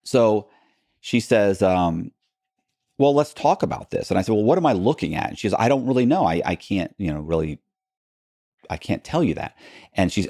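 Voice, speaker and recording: Interview guest, male, low gravelly voice, rambling storyteller who keeps restarting sentences. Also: warm tone, no echo, studio quality. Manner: rambling, many restarts and asides, acts out quoted people. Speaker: podcast guest. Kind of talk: casual storytelling in a long-form interview.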